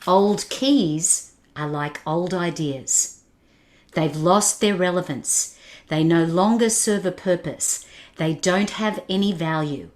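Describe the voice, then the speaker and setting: In a fairly low voice and at a slow pace, a woman gives a motivational webinar talk as keynote speaker. She directs questions and challenges right at her audience and laughs along with their comments.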